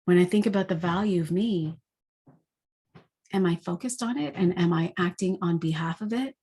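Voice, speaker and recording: A woman's voice: lowish voice, normal speed, mellow, slightly rough. A woman giving a spiritual daily energy forecast in a reflective, unscripted way. She asks many rhetorical questions and often says "like".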